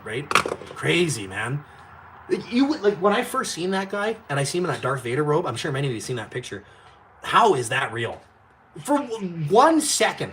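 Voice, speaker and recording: Brief: male stream host, high, bright voice, profane, heated, rambling rant. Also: slight background noise. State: drinking. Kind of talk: casual live-stream rant.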